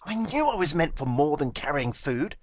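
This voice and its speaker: Figure: a small, proud, eager young male donkey, voiced by a man. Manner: earnest, boastful, touchy about his pride. Pitch: raised and lively. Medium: storybook reading in a dry room. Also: moderate pace, no room sound. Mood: elated.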